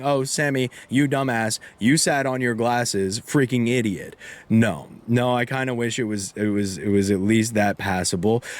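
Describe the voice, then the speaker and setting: Streamer masculin, bavard, voix de hauteur moyenne, très expressive, jurons fréquents. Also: male voice, medium pitch. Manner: animated, chatty, laughing, swears freely. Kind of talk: casual live-stream chat while gaming.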